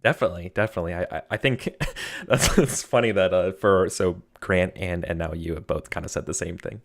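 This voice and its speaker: Chatty low-voiced American game master. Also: male voice, a little fast. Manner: rambling, chatty, laughs often. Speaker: game master and stream host. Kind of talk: casual live-stream game intro.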